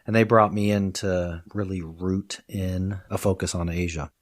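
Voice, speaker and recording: A man's voice: low-pitched, normal speed. A man, a professor of Chinese, telling stories in a conversational podcast interview, laughing often and acting out the people he quotes. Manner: lively storytelling, quotes people in put-on voices; laughs often while talking.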